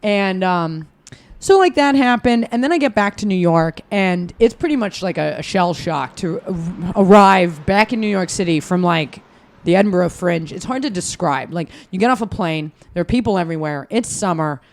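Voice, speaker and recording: A young American woman in casual podcast chat, telling animated stories, swearing freely and acting out what others said. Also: lowish voice, normal speed. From United States. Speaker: guest comedian.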